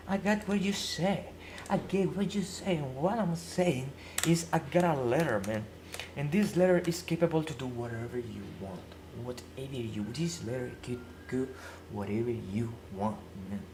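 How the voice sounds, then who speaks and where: A woman with a fairly low voice talks on a live stream in non-native English, her first language Spanish. She repeats phrases as she hunts for words. She plays both sides of an imagined argument, tossing questions back at herself. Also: noisy background. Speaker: livestreamer. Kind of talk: rambling live-stream monologue.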